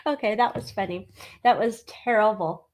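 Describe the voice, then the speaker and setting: A woman hosting a live tarot reading stream, chatting casually with viewers and cracking snarky jokes with lots of fillers. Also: mid-range voice. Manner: snarky, joking, laughs at her own jokes.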